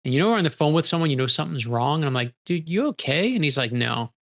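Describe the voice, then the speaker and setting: A middle-aged man with a gravelly, slightly creaky voice, talking in an interview. He recounts his stories with energy, acting out the lines of the people in them as he goes. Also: a little high, racing. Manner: animated storyteller acting out quoted dialogue. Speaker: author guest. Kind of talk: storytelling interview conversation.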